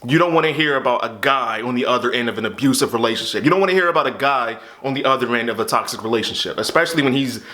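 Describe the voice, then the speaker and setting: A man's voice: mid-range voice, rapid-fire, few pauses, pushed and bright. A young man in a candid, frustrated monologue to camera, venting about a hard stretch of his life. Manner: frustrated, exasperated storytelling with repeated "what the hell". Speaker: YouTube creator.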